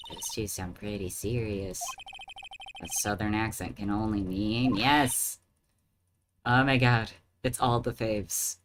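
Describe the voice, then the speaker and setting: A man's voice: fairly low pitch, steady tone, slow pace, a bit bright. A man streaming a video game, making casual joking asides over background music.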